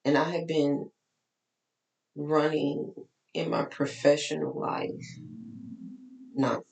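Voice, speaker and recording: Texas woman life coach, worn out, candid and chatty; gravelly voice, roomy echo. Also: low voice, takes it slowly, a little mellow. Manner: candid, chatty, preachy asides. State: tired, voice cracking. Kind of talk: casual talk to followers.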